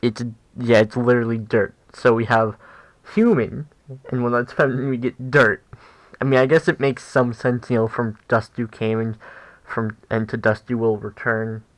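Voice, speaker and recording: A young man giving a casual language lesson, halting and full of fillers as he corrects himself. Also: medium pitch, little pitch movement, rough recording. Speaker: language teacher.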